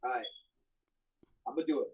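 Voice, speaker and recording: A man's voice: a little fast, warm tone. A man playing a tabletop game, talking in a hesitant way. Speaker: player.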